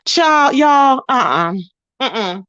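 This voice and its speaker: Animated woman chatting on a livestream. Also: extremely slow, clear, resonant tone, no echo, dull audio. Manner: animated, acts out quoted voices in a higher pitch. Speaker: livestream host. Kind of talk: casual gossip chat with viewers.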